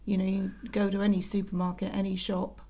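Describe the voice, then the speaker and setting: Woman on a podcast, mid pitch, lots of vocal fry, casual and quick. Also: monotone, warm tone. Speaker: podcast co-host. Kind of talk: casual chat.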